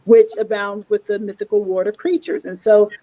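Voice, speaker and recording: A woman's voice: medium pitch, lively intonation, mellow, dry recording. Woman recounting facts, dull dry sound. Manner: relaying facts in a measured way. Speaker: panelist. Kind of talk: casual panel discussion.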